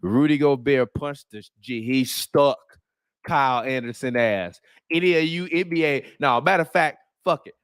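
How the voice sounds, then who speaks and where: A man's voice: mid-range voice, normal speed, clear, resonant tone, no echo, studio quality. A man hosting a sports podcast, reacting to a clip in casual, slang-heavy, profane trash talk. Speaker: podcast host.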